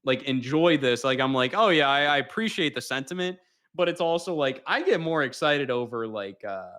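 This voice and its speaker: A young man chatting casually as a guest, rambling and relaxed. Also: mid-range voice, normal speed. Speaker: podcast guest. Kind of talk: casual chat.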